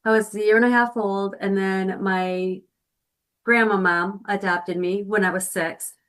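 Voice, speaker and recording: A woman's voice: mid-range voice, fairly even intonation, a little slow, a bit bright. A woman on a coaching call who answers in short affirmations and opens up about her past. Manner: brief affirming replies. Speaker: coaching client.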